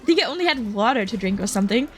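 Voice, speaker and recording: A woman's voice: on the high side, animated, very fast. A woman streamer chatting casually while she plays a game, giggling a lot between lots of fillers. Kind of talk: casual chat while gaming.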